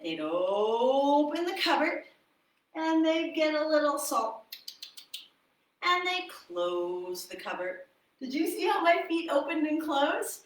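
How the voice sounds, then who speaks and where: Ballet teacher lady doing storytime for little kids, sing-songy, high voice, echoey and kinda far from the mic. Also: fairly bright tone. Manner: playful, sing-song, instructive. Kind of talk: children's storytime with dance movements.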